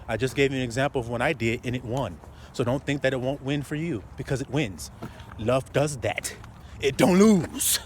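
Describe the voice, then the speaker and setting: A man with a mid-range voice preaches casually into his phone camera while walking down a city street, with a little hiss or hum on the audio. He laughs often, poses rhetorical questions to his listeners, and draws out repetitions.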